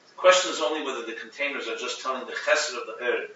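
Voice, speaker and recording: A man teaching a Chassidic text class, explaining with animated restarts and Hebrew terms. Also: medium pitch, fast, a little hiss or hum. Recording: muffled, echoey room, from a distance.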